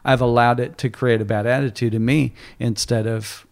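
A man's voice: mid-range voice, steady tone, normal speed. A middle-aged man hosting a faith podcast, telling stories in an earnest, casual way with many restarts. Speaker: podcast host.

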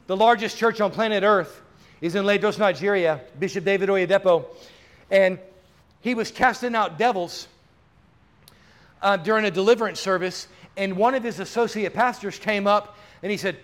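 A man with a notably high voice preaches a charismatic sermon in a church. He is fervent, and his talk builds to loud, drawn-out declarations. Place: church sanctuary.

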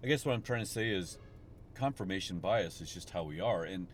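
A man's voice: deep voice, expressive, brisk. A man hosting a casual podcast while driving, rambling with many restarts. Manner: rambling, restarts often, gets frustrated in traffic. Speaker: podcast host. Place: inside a car in traffic. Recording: road noise from a car. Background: vehicle and road noise.

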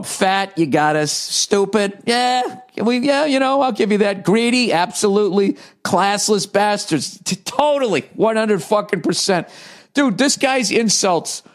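Profane ranting podcast host, a man. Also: high voice. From United States. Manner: profane, riffing, reads aloud mockingly. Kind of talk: comedic podcast rant.

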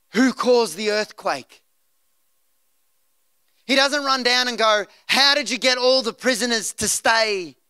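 High-voiced animated male pastor. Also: clean tone, dry recording. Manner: animated, acts out scenes in voices. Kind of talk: sermon. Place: church.

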